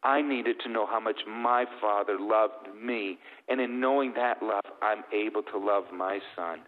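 With a lowish voice and an unhurried pace, the middle-aged man recounts his faith story as a guest, earnest and tender in this emotional testimony. The recording is tinny and phone-like, with long reverberation.

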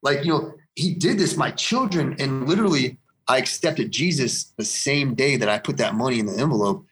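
Man, interview guest, earnest, rambling, repeats himself for emphasis, middle pitch, personal testimony. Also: moderate pace. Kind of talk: personal faith testimony in conversation.

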